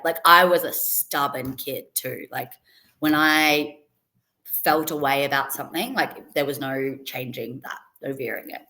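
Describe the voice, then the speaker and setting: A woman's voice: very deep voice, fairly even intonation, a little slow, pushed and bright. A young adult woman, a podcast guest, chatting casually and telling stories with frequent laughs. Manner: chatty storytelling, laughs often. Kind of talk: casual interview chat.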